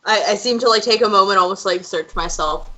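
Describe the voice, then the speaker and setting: Female player, tabletop role-play, bright crisp voice, earnest and hesitant. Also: mid-range voice, fast talker, poor audio.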